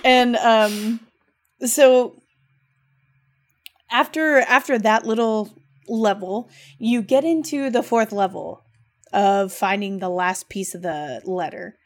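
A woman co-hosting a casual podcast, talking about games in an animated, gushing, emotional way. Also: mid-range voice, slow, pauses often. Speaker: podcast co-host.

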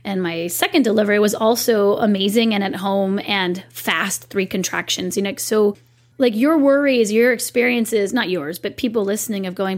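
A woman's voice: medium pitch, normal speed. Chatty woman telling a personal story. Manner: animated, chatty, emotional storyteller. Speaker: guest, company owner. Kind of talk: casual interview storytelling.

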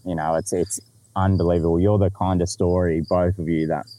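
A man's voice: low voice, level tone, a little fast, warm tone, a little hiss or hum. A man with an Australian accent telling a story in casual podcast chat, laid-back, swearing freely and laughing along.

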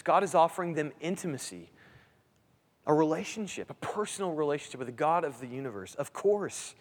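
A man's voice: fairly high pitch, animated, fairly quick. A man in his thirties preaching a sermon in a conversational way, restarting phrases and asking his listeners "right?". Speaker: pastor. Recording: long hall reverb.

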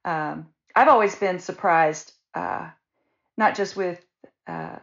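Woman, somewhat low voice, muffled lo-fi recording, thoughtful and soft. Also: big pitch swings, slow pace, vocal fry. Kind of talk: casual chat. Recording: dull lo-fi sound.

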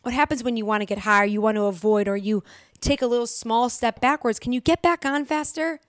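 Young woman, motivational vlog talk, blunt, swears a lot, repeats herself, higher pitch, dry recording. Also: a little fast, no echo. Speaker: recovery vlogger. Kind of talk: direct-to-camera motivational talk.

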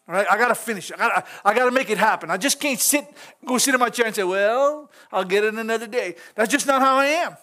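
Very fast and with few pauses, a middle-aged pastor preaches an informal sermon in a strikingly high, bright, forceful voice. He stays folksy and chatty, chuckling as he speaks directly to his congregation.

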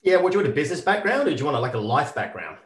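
A man from the north of England with an Australian-tinged northern English accent, an energetic, jokey guest in a casual interview. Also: fairly high pitch, racing. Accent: northern English with an Australian influence. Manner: energetic, jokey, laughs often. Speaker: podcast guest, corporate educator. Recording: roomy echo.

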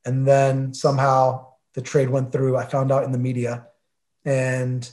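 A forties-aged man, a guest in an interview, recounts a casual story with heavy use of fillers, chatting along and acting out quoted exchanges. His mid-range voice is monotone and darkish, a little slow.

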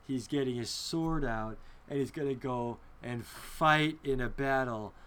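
A man leading a film discussion in a lively, emphatic teaching style, often asking his listeners rhetorical questions. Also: mid-range voice, unhurried. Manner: emphatic, conversational.

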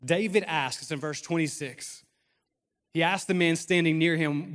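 A man's voice: on the high side, normal speed, a bit bright, big-room sound. A man in his thirties preaching a sermon in a conversational style, mixing humor and playful acted asides into the message. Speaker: pastor.

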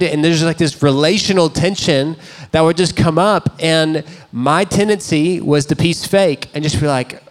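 A man's voice: a little high, normal speed. A man in his thirties, a pastor, preaching a sermon in a conversational, self-deprecating storytelling way. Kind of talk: sermon with personal stories.

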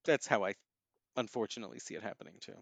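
A man reviewing plays and films in a casual chat, thoughtful and often pausing with ums and restarts. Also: fairly low pitch, expressive, fairly bright tone, no echo. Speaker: theater and film critic.

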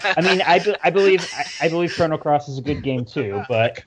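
A man's voice: fairly high pitch, expressive, a little fast, heavy background noise. Stammering, playful male co-host. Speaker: podcast co-host. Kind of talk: casual panel discussion.

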